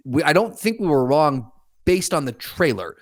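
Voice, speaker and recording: A man's voice: on the high side, big pitch swings, normal speed, dry recording, studio quality. A man co-hosting a podcast in casual chat, playful, laughing and swearing in banter. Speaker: podcast co-host.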